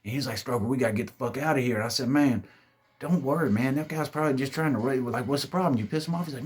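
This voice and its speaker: Husky-voiced man telling a profane ghost story. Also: mid-range voice, quick pace. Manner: profane, animated storytelling, calls listeners babies.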